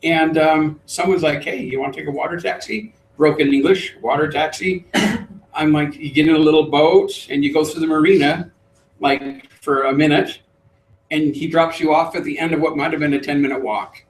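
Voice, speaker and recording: A middle-aged man, a trainer, telling a lively story to a live group and acting out the voices. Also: on the high side, moderate pace, a little hiss or hum. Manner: animated storyteller, acts out voices. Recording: roomy, distant mic.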